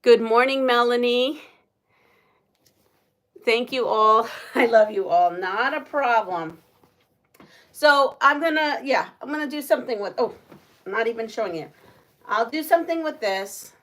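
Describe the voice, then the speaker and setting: A woman's voice: fairly high pitch, expressive, moderate pace, a bit bright. A woman hosting a casual livestream, chatting and laughing with viewers. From United States. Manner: chatty, laughs often, reads viewer comments aloud. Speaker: livestream host.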